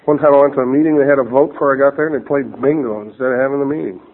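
A man's voice: medium pitch, steady tone, very fast. A man telling a funny personal story as a speaker at a recovery meeting, with a wry, punchline-driven delivery. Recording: tinny phone-like radio audio with crowd and noise.

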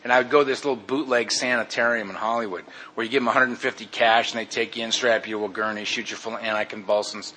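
A man's voice: fairly low pitch, steady tone, fast talker, few pauses, sharp tone, slight background noise. A man candidly telling his own recovery story in a casual, blunt way, often calling his listeners "man". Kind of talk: personal testimony, casual storytelling.

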